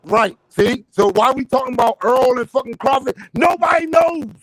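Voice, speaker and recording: This middle-aged panel debater has a very high, steady voice with a slightly bright tone and a moderate pace. Arguing hotly about boxing over an online call, he presses his questions again and again and swears, captured on a low-quality recording with no room sound.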